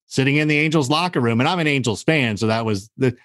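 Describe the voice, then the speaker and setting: A man telling stories in casual podcast chat, animated and acting out the voices of the people in them. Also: mid-range voice, quick pace, no room sound, clean studio sound. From California. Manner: animated storyteller, acts out quoted voices. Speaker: guest.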